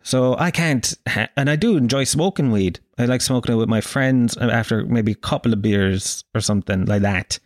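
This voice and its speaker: An Irish man in his thirties telling a profane, animated anecdote in casual chat, acting out the quotes. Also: medium pitch, normal speed, hardly any pauses, no room sound, clean studio sound. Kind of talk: casual storytelling.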